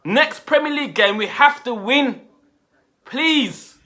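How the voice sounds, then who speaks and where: A man in his forties with a high, bright voice rants in frustration, swinging between shouted outrage and muttered exasperation. He sounds fuming and worked up, talking straight to the camera. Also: lively intonation, slow. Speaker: football fan reviewer. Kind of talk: angry fan rant.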